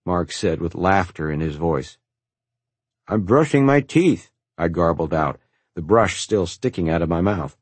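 A man with a very low, husky voice reads a first-person story in a calm, reflective way. The recording is dry and close, with no room around it. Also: normal speed, no echo. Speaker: narrator. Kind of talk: first-person audiobook narration.

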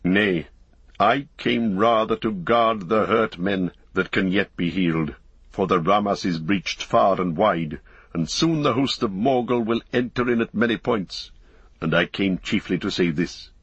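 A man voicing an old male wizard, grave and commanding, with a measured, solemn delivery. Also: lowish voice, fairly bright tone, slightly rough, no room sound, muffled recording. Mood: calm.

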